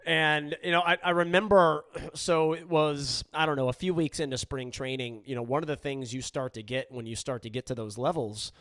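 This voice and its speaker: A middle-aged man hosting a podcast, telling a story in a relaxed, chatty way with frequent restarts. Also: on the high side, normal speed, hardly any pauses, no echo. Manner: relaxed, conversational, frequent restarts and "you know". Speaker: podcast host. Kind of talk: storytelling in casual chat.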